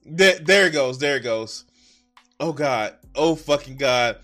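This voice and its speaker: A man streaming live, reacting to videos with loose, profane, excitable commentary that keeps tipping into giggles. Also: medium pitch, measured pace, faint music behind. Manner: excitable, swearing, breaks into giggles.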